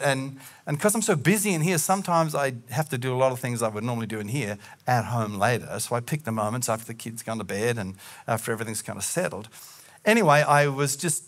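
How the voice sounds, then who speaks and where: A man preaching a sermon as a pastor, talking earnestly and telling personal stories, and acting out remembered conversations in lively bits. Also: mid-range voice, quick pace. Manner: animated, acts out remembered conversations.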